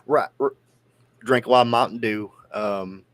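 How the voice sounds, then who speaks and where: Man, Southern accent, podcast co-host, casual chat, profane joking, medium pitch. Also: a little slow, no echo. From near the Georgia-Tennessee border. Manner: rambling, profane, jokey storytelling.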